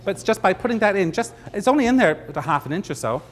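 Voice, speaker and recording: A middle-aged Canadian man with a high, sing-song voice talks at a quick pace. He's giving a live floral design demonstration, chatting and joking with his audience.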